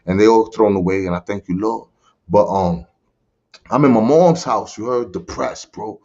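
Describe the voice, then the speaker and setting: A man from the Bronx, New York, speaks at a moderate pace in a voice that's on the low side and a little mellow. As a podcast guest, he shares his life story in casual conversation, a personal testimony laced with streetwise slang and frequent "you heard?", in dull lo-fi sound.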